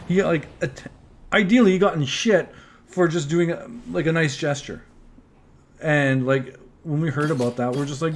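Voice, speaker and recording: On his podcast, a Canadian man casually rambles through a work story, swearing and animatedly acting out what people said in their own voices. His pitch is fairly high and his speed normal, with a little hiss or hum in the recording.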